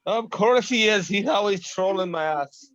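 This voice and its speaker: A man's voice: sits high, moderate pace, fairly bright tone, no echo, highs cut off. A man co-hosting a casual sports podcast, joking and swearing freely. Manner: profane, joking. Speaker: podcast co-host.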